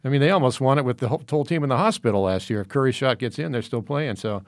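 A man's voice: medium pitch, racing, dry recording. A man talking through basketball analysis in casual discussion, rambling with many fillers and restarts.

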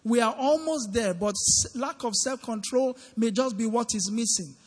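High-voiced preacher in a reverberant hall. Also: male voice, normal speed, husky. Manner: questioning the congregation, call-and-response. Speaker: preacher leading a midweek Bible study. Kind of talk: interactive sermon. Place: large church hall. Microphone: handheld microphone. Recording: long church-hall reverb.

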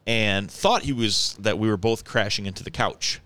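Low, smooth-voiced man telling a story. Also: moderate pace, no room sound. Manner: rambling, animated storyteller with restarts and laughter. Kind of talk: casual chat, telling a story.

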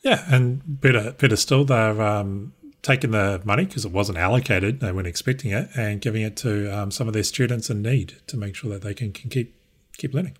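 Man, New Zealand accent, cohost, casual chat, measured, low voice. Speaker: guest cohost.

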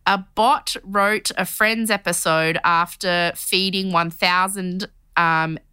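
A woman co-hosting a podcast, chatting casually and telling stories in an animated way. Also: on the low side, slow pace, clear, resonant tone, no echo, clean studio sound. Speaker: podcast co-host. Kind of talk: casual chat, storytelling.

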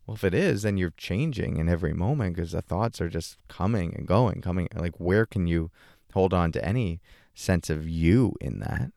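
A man with a low, gravelly voice leads a reflective talk on meditation. He keeps asking questions and answers them in the voice of an imagined listener. His tone stays mellow and close, in a dry, dead room. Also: normal speed, dry recording. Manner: questioning, talks back and forth with an imagined listener; relaxed and casual, light laughs. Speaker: meditation teacher.

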